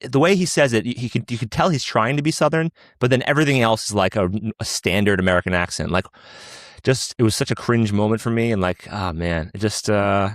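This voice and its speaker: A man's voice: on the low side, brisk, no echo, clean studio sound. A man co-hosting a podcast, opinionated and casual, filling his talk with "like". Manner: opinionated, peppers speech with "like". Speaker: podcast co-host. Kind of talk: casual chat.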